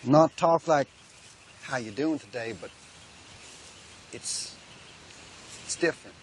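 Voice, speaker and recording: An actor playing a gentle, simple-spoken rural father, patiently explaining. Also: mid-range voice, slow pace, a little hiss or hum, lightly acted.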